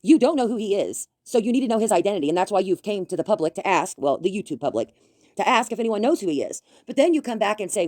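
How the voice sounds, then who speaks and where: A woman rants at someone, scolding and confrontational, with a slight lisp from a bitten tongue. Her voice is mellow and dark, and the recording is close and dry with no room sound. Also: medium pitch, lively intonation, fast talker, dry recording. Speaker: commentary YouTuber. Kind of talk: ranting commentary.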